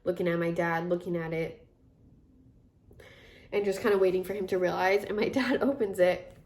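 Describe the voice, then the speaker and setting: A woman's voice: on the low side, fairly even intonation, moderate pace, a little mellow. A woman in her twenties casually telling a personal story, chatty and full of fillers, acting out the lines of the people in it. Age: 20s. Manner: chatty, filler-heavy retelling with many quoted asides. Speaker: vlogger.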